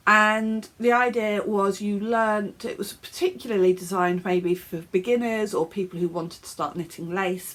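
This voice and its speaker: A woman's voice: mid-range voice, fairly bright tone, husky. An English woman hosting a knitting podcast, sounding a bit snuffly and chatting casually from her home office with fillers and small laughs. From England. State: snuffly, coughing. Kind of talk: casual show-and-tell chat.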